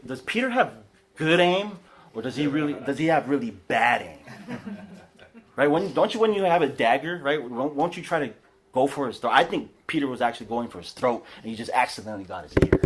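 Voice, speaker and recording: Casual, animated preacher man. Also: medium pitch, a little hiss or hum. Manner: casual, animated, tags lines with "right?", many restarts. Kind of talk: conversational sermon. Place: house church living room.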